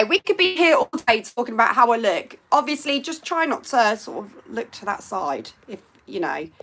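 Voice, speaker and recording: A woman's voice: medium pitch, bright, forceful tone. A woman hosting a casual live stream from home by a window, chatting to viewers in a rambling way and reading out their comments.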